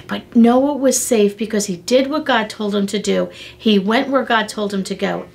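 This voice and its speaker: A middle-aged woman hosting a devotional podcast, teaching in an earnest, conversational way and telling stories with emotional emphasis. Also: fairly high pitch.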